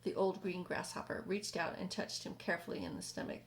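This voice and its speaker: A woman reading a children's book aloud in a community hall, steady with small slips and self-corrections. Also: on the low side, a little fast, a little hiss or hum. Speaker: reader.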